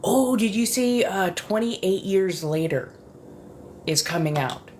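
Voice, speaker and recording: A woman chatting in a soft-spoken ASMR style, rambling casually as she goes. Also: mid-range voice, animated, slow pace, slight background noise. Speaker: ASMR creator.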